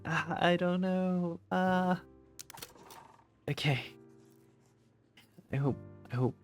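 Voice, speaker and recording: A game streamer musing aloud over a live session, laughing now and then and letting sentences trail away. The talk is slow and unhurried. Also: mid-range voice, faint music behind. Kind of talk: live gameplay commentary.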